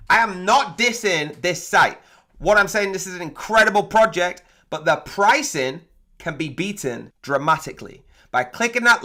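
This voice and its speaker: A man hosting a software review, rattling off feature lists in an excited, salesy pitch while walking through a website. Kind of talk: excited product review walkthrough.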